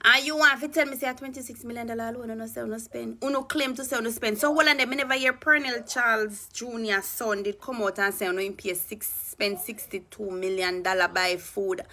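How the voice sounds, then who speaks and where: A woman's voice: on the high side, steady tone, brisk, few pauses, sharp tone. A woman with a Jamaican accent, ranting angrily about politics in a heated, cursing, mocking way. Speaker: political commentary vlogger. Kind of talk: angry ranting commentary in Patois.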